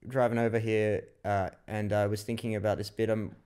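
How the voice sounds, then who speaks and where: A man's voice: lowish voice, level tone, a little fast, darkish tone, clean tone. A man co-hosting a podcast, teasing his partner with wry jokes in casual comedic chat. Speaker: podcast co-host.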